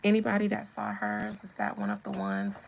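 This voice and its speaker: A woman's voice: mid-range voice, big pitch swings, fairly quick, gravelly, slight background noise, rough recording. A woman in her thirties with a Southern American accent, chatting to viewers in a sassy, teasing way. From Southern United States. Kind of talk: casual chat to viewers.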